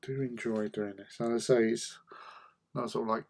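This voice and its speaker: A man's voice: medium pitch, fairly even intonation, normal speed, creaky. A man chatting casually while he paints miniatures, muttering to himself as he works. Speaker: hobby painter.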